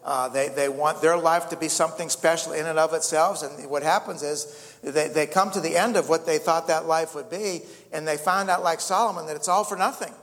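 A preacher with a hall echo. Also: male voice, fairly high pitch, brisk, fairly bright tone. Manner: repeats words and restarts, calls out "amen" and "friends". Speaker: pastor. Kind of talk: sermon.

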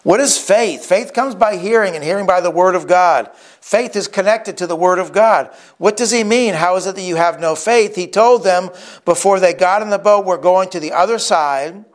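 A man's voice: high-pitched, moderate pace. A man preaching a sermon in an earnest tone, acting out the quoted speakers as he retells scripture stories. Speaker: pastor.

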